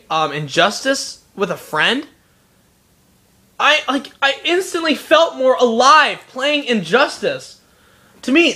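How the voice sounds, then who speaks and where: A young adult video game reviewer giving a profane, exasperated, emphatic rant about a game. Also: mid-range voice. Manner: animated, emphatic delivery.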